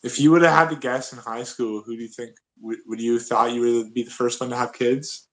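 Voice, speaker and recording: Podcast guy, mid voice, quick jokes, casual back and forth. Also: medium pitch, steady tone, a bit bright, rough recording. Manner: short reactions and quick jokes, laughs easily. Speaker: podcast co-host. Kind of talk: casual chat.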